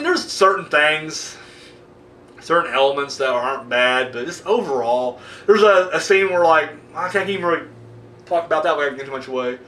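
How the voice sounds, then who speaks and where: A man ranting casually and profanely in a movie review, swinging between loud outbursts and mumbling. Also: a little high, reverberant, recorded from a distance.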